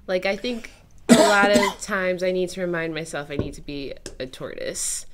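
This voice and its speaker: A young woman with a slightly low voice chats as an interview guest. She rambles in a relaxed way and drops in plenty of casual fillers. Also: normal speed, very noisy. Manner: chatty, loose, many "like" fillers. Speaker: guest musician.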